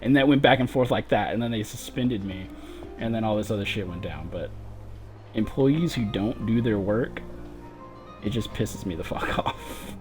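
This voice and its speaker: A man's voice: fairly low pitch, moderate pace, over music. A man livestreaming a game, telling a long profane story in a frustrated casual rant and laughing through it. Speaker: gaming livestreamer.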